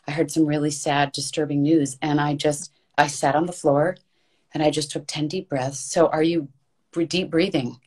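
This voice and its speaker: Woman podcast guest, low voice, earnest and emphatic, rambling with repeated words for stress. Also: fairly even intonation, moderate pace, a little mellow, husky. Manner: rambling, restarts mid-thought. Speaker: podcast guest, voice actress and coach. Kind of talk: casual conversational interview.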